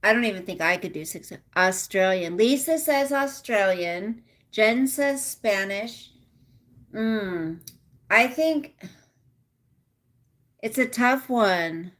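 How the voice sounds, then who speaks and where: A woman's voice: medium pitch, expressive, slow, a bit bright. A middle-aged woman casually chatting with viewers on a livestream, reading out their comments. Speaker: livestream host. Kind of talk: casual live chat with viewers.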